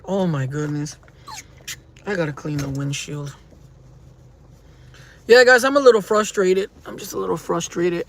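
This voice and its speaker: A man's voice: high voice, a bit bright. A man vlogging from his car in traffic, rambling and venting at his viewers, recorded on a phone on a dash mount. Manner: rambling, frustrated, talks to viewers as guys. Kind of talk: casual driving vlog. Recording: car interior with faint road hum.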